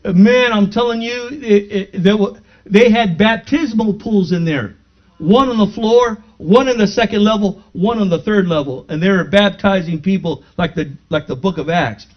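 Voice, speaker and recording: Male pastor, high voice, lively storytelling sermon, dull lo-fi sound. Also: moderate pace. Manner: storytelling, acting out dialogue, rising to fervent praise. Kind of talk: sermon testimony. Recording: dull lo-fi recording.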